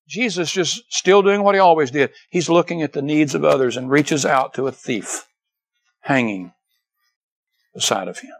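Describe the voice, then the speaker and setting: An older man preaching a sermon as pastor, swinging from loud emphatic peaks down to quiet, low passages and repeating rhetorical questions to the congregation. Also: moderate pace, rough recording. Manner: repeats "Can I tell you" and asks for amens.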